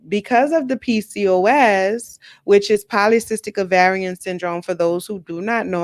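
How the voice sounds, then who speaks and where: A woman's voice: medium pitch, no room sound, studio quality. A woman hosting a live stream, chatting casually and candidly to her viewers, telling a personal story with lots of fillers and repeated words.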